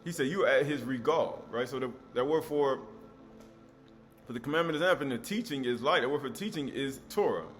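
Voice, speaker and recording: Male scripture teacher, mid-pitched, emphatic and repetitive, quiet music underneath. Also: a little fast. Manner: emphatic, repeats key words, asks rhetorical questions.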